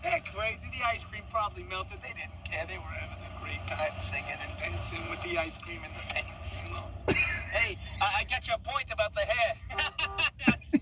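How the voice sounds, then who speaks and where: A man's voice: sits high, animated, moderate pace, recorded from a distance. A man voicing a chatty male cab driver with a Boston accent, who rambles and laughs at his own stories. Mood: rambling, amused. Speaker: taxi driver. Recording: noisy street and traffic, off-mic.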